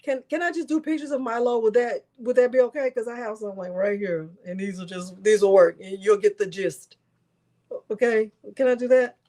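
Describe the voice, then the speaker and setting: A woman's voice: fairly high pitch, a little fast, warm tone. A woman hosting a live craft tutorial, talking in a chatty, rambling way with lots of fillers and restarts. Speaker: crafting host.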